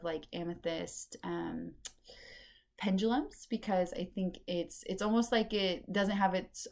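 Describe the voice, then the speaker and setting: A woman hosting a casual solo spirituality podcast, chatty and meandering, with lots of fillers. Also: on the low side. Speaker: podcast host and intuitive reader.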